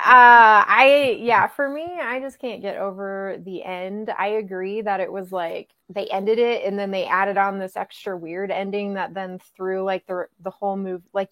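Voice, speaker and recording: A woman's voice: medium pitch, a bit bright, dry recording. A woman co-hosting a casual podcast, sharing her view of a movie ending in a hesitant way. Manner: hesitant, full of fillers and restarts. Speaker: podcast co-host.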